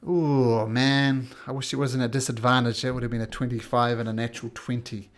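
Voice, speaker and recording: A man's voice: mid-range voice, level tone, a bit bright. A man running a tabletop game, talking through dice rolls and describing a battle. His voice sits in the middle, and he speeds up when he talks about rules. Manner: quick, laughing rules talk. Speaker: game master.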